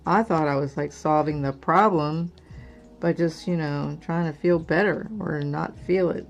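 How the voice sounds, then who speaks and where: Speaking slowly with vocal fry, a low-voiced middle-aged woman rambles through a candid personal chat for her crafting channel, using plenty of fillers. The high frequencies of the recording are cut off.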